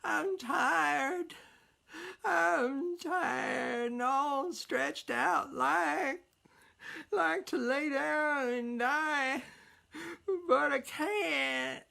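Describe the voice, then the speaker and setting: A woman voicing a weary, ancient old woman who cannot die, speaking in a drawn-out, tearful wail. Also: sits high, creaky, bright, forceful tone, voice pushed up, full character voice.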